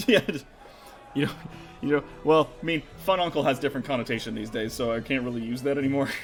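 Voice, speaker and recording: A man's voice: medium pitch, fast, faint music behind. A man narrating as game master in a casual, rambling way, full of fillers.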